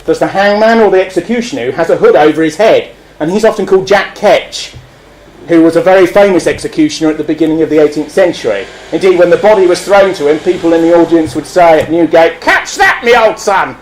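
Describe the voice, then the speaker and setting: A man gives a lecture with wry humour and digressions, laughing now and then. His voice sits high for a man. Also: fast, darkish tone, slight background noise, low-quality recording. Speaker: speaker.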